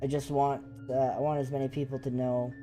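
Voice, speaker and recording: A man talks casually about paranormal investigations as a channel host. He rambles excitedly and leans on lots of fillers. His voice is mellow and mid-pitched, with faint music playing underneath. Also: a little fast. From Canada. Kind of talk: casual live chat.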